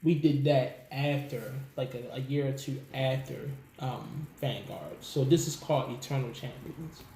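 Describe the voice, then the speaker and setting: A man telling stories as a guest in a casual interview, animated, laughing often and acting out what people said. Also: mid-range voice, unhurried. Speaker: musician guest. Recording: echoey room with faint background noise.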